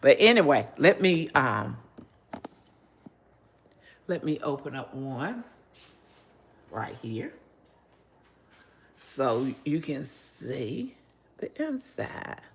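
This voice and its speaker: A woman's voice: very deep voice, big pitch swings, extremely slow, long pauses, slight background noise. An older woman hosting a casual cooking livestream, chatty and homey, talking straight to her viewers through a phone. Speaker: cooking channel host.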